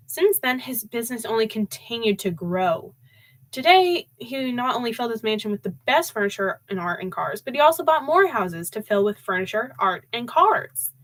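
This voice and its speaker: A woman's voice: fairly high pitch, fairly bright tone, poor audio. A young adult woman streaming a live audiobook reading, chatting casually between passages. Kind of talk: casual live-stream chat and storybook narration.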